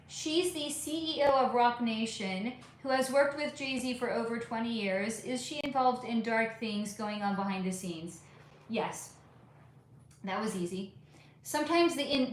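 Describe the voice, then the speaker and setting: A woman hosting a live spiritual reading stream and answering viewers' questions as they come in. She talks casually and rambles, with lots of fillers. Her voice is fairly high and rings out in a very echoey room. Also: a little hiss or hum. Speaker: spiritual reader and channel host.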